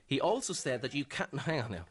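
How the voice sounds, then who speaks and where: An Irish man, producer of a breakfast radio show, reads a news story aloud in a mock-stern tone. He talks fast at a mid pitch, speaking from a studio. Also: big pitch swings, a loud crowd. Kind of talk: mock-serious reading of a news story on air.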